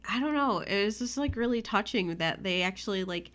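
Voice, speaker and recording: Young woman, podcast co-host, casual chat, emotional, laughs often, middle pitch. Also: expressive, fairly quick, fairly bright tone.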